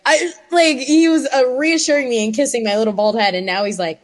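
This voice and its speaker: A woman telling a story in casual podcast chat, animated and expressive. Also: a little high, a little fast. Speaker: podcast panelist.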